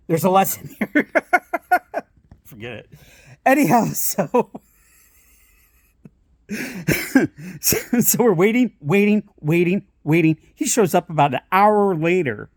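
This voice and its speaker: A man's voice: high voice, slow, long pauses, no echo, studio quality. A man telling a rambling family story in a casual way, laughing often as he talks. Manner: lively and animated.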